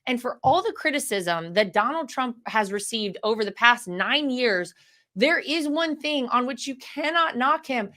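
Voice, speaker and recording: A woman's voice: on the high side, animated, normal speed, bright, forceful tone. A woman from North Carolina speaking as a guest in a political interview, confident and emphatic.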